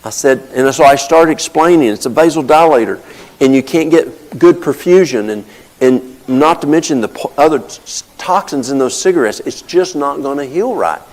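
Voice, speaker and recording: A man's voice: a little high, expressive, moderate pace, darkish tone, rough recording. An older man giving a folksy teaching talk, telling stories and explaining with plain everyday examples. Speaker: health talk presenter.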